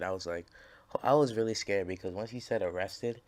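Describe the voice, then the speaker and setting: A man's voice: fairly low pitch, normal speed, darkish tone. A man casually telling a story over gameplay, rambling and swearing, with lots of fillers and restarts. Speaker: gaming channel creator.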